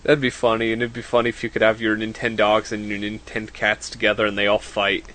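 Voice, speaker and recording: A man co-hosting a gaming podcast, reacting fast and cracking crude jokes in casual chat. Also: lowish voice, monotone, fairly bright tone. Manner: quick reactions, crude jokes, gropes for words. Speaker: podcast co-host.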